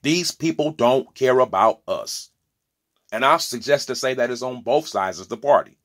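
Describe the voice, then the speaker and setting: Lively intonation and a fairly bright tone mark this medium-pitched man's voice as he talks at a moderate pace. He's an opinion vlogger in his forties, caught up in a heated monologue full of stumbling restarts, repeated words, and preachy asides.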